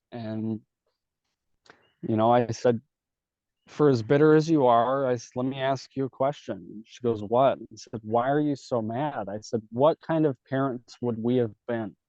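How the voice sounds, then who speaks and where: A man's voice: mid-range voice, mellow, dry recording. A man telling candid stories in a casual, profane way, acting out each side of the conversations. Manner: casual, swears a lot, acts out dialogue. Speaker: podcast guest telling his story. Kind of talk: candid storytelling. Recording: dull dry podcast audio.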